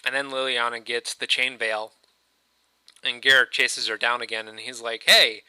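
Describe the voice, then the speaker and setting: A man telling a story casually, with loose, chatty phrasing. His voice is very bright and crisp. The sound is close and dry. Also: medium pitch, little pitch movement, normal speed, dry recording, poor audio. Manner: chatty, loose, many fillers. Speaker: host.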